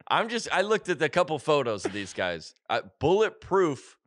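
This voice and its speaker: A man's voice: on the high side, very animated, moderate pace, a bit bright, dry recording. A man hosting a podcast, chatting casually and jokingly, rambling and correcting himself as he goes. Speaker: podcast host. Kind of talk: casual comedic chat.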